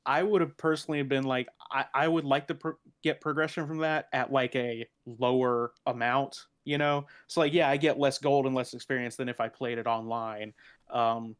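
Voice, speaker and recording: A man's voice: medium pitch, steady tone, normal speed, smooth. A man talking casually on a gaming podcast. He restarts his sentences often and laughs between points. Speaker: podcast panelist.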